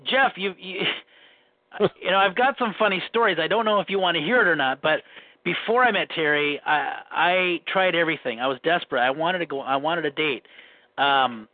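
A man with a Minnesota accent, appearing as a guest, tells long dating stories in casual chat, rambling, restarting and repeating himself. His voice is a little high and brisk, heard over a tinny, dry phone line with no room sound.

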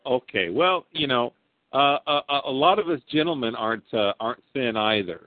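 A man's voice: medium pitch, expressive, moderate pace, no echo. Hesitant man on a tinny phone line. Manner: brief backchannel responses, hesitant. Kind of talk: casual phone chat.

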